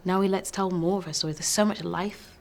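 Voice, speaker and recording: A woman actor in a press interview, answering thoughtfully in a soft voice and laughing often. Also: fairly low pitch, fairly even intonation, fairly quick, gravelly. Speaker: actor promoting a film.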